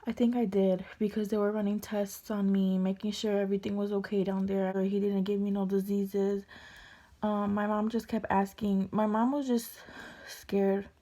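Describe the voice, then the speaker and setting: A woman in her early twenties, tearful and halting, often dropping to a whisper as she tells a personal story to camera. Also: medium pitch, level tone, warm tone. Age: early 20s. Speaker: vlogger.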